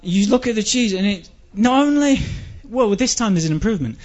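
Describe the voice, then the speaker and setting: A man with a high voice performs a stand-up rant, exasperated and swearing freely. The recording sounds dull and lo-fi. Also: lively intonation, brisk, a little mellow. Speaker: comedian.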